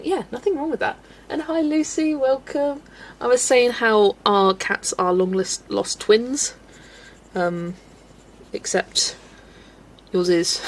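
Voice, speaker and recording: A woman hosting a relaxed livestream, chatting and laughing with viewers as she greets them by name. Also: fairly high pitch, gravelly, slight background noise. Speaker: livestream host. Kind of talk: chatty livestream while colouring, reading chat.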